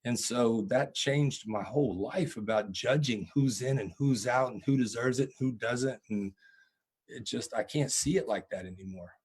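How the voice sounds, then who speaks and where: A man's voice: medium pitch, moderate pace, slightly rough. A man, a preacher and guest, telling earnest stories in an interview answer. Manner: earnest, animated storytelling with laughs.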